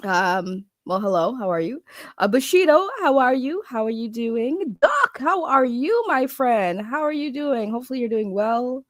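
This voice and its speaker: A woman's voice: on the high side, very animated, normal speed, no room sound, studio quality. Woman host with a sore throat. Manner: chatty, greeting viewers by name. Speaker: livestream host. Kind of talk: casual livestream chat.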